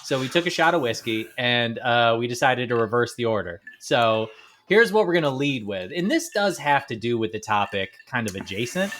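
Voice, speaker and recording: A man co-hosting a casual podcast, excitable and teasing, slipping into mimicry of his friends as he talks. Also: medium pitch, normal speed, slight background noise. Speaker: podcast co-host, furniture maker.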